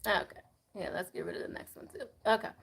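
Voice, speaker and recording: A woman giving a chatty live tarot reading, talking to viewers and spirits, with many fillers and quick apologies. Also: mid-range voice, vocal fry, fairly bright tone, husky. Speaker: tarot reader.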